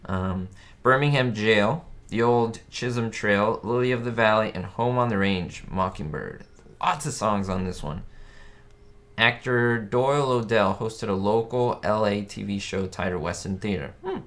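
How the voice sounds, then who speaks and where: A man with a somewhat low voice hosts a casual live stream. He chats in an upbeat, rambling way, with plenty of fillers and restarts. He reads viewers' comments aloud as he goes. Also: a little slow, fairly bright tone. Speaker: channel host.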